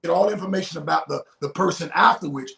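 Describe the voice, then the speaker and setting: A man who is a former police officer, speaking in a reflective, halting way on a live video talk show. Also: a little high, creaky, fairly bright tone. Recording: echoey room.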